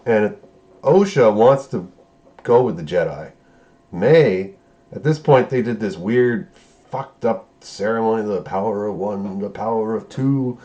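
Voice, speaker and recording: A man's voice: on the low side, lively intonation, unhurried, dark tone, lo-fi sound. A man giving a casual recap of a show episode, profane and sarcastic, breaking into incredulous outbursts. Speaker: show reviewer.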